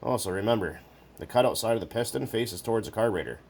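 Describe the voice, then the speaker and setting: A man's voice: on the low side, quick pace, a little mellow, breathy edge. A man chatting casually and jokingly while working at his bench, rambling and swearing now and then. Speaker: hobbyist video maker. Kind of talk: casual workshop chat.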